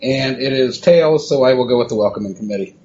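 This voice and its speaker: A man's voice: medium pitch, fast talker, a little mellow. A man speaking offhandedly and swearing casually as a podcast panelist. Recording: dull lo-fi audio with faint hiss.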